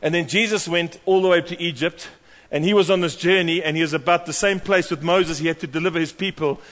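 A man preaching a sermon, animated and storytelling, acting out the voices of the people in his stories. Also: a little high, quick pace. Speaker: pastor. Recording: long hall reverb.

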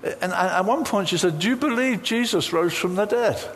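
A man preaching with an animated, storytelling delivery. His voice sits a little high and swings widely in pitch as he acts out quoted conversations. A faint hiss runs under the recording. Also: normal speed. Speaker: pastor. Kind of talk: sermon.

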